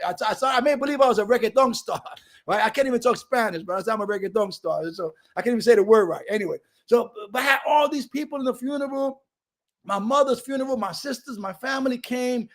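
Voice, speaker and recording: A middle-aged man from Brooklyn shares his recovery testimony on a video call. His voice runs high and animated, streetwise and emphatic, and it rises and falls with feeling. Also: quick pace. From Brooklyn, New York. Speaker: recovery speaker.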